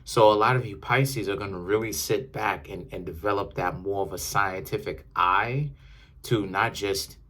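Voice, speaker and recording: With a deep voice of fairly bright tone, this man delivers a loose, meandering tarot reading. He's chatty and frequently corrects himself mid-thought.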